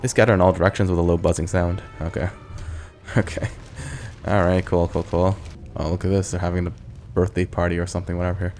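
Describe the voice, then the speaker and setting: A man's voice: low-pitched, level tone, fast talker, darkish tone. A man hosting a let's play, reading game text aloud and adding casual, joking asides. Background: game music.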